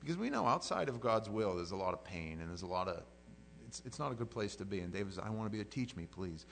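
Male pastor, low and gravelly, conversational sermon delivery over a faint mains hum. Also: expressive, fast, a bit bright, rough recording. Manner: conversational preaching with repeated words and rising emphasis.

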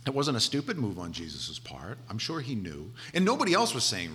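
A man preaching a conversational sermon, retelling scripture with animated asides and voiced characters. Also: lowish voice, fairly quick, few pauses.

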